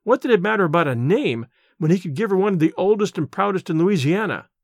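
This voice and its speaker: Expressive male storyteller, dry close voice. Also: high-pitched, no room sound. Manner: expressive storytelling, slows on imagery. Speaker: audiobook narrator. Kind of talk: scripted literary narration.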